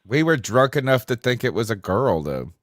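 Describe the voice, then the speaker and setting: A man hosting a casual call-in podcast, venting in a rambling, frustrated way. His voice sits at an ordinary pitch and sounds dry and close, with no room around it. He often trails off quietly at the ends of his thoughts. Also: big pitch swings, normal speed, no echo. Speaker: podcast host taking calls. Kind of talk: casual postgame call-in talk.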